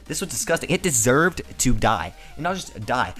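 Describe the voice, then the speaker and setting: A man's voice: mid-range voice, sing-song, normal speed, a bit bright. A young man telling a crude, rambling comedic story full of swearing, restarts and asides.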